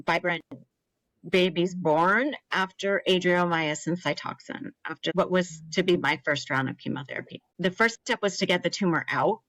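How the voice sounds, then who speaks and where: A woman's voice: on the low side, a bit bright, no echo, low-quality recording. A woman in her thirties, a guest on an interview podcast, earnestly telling her own story and acting out what others said. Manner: earnest, emotional, acts out quoted voices. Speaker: podcast guest, cancer survivor.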